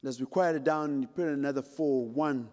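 A man's voice: mid-range voice, normal speed, a little mellow. A middle-aged man from Uganda giving a conference keynote, telling a dramatic story with jokes and speaking straight to the audience. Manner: dramatic, humorous, addresses the audience directly. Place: large conference hall. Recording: long hall reverb.

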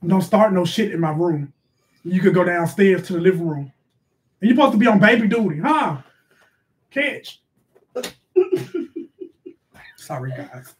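A man doing a brash middle-aged mom, scolding, high voice, live stream character. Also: expressive. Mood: bossy. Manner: scolding, brash, quick to snap at the kids. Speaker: live stream host reading donations. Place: bedroom at home.

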